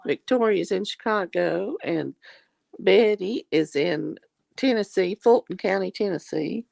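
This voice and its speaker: A livestream host, a middle-aged woman with a Southern US accent, chats and reads viewer comments, warmly calling everyone honey and darling. Her mid-range voice carries vocal fry and an unhurried pace, and the recording is dry.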